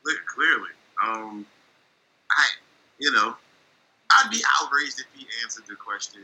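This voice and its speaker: A man's voice: on the low side, animated, normal speed, long pauses, pushed and bright, rough recording. A man co-hosting a sports talk show who pushes back with wry, teasing remarks. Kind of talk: casual sports debate.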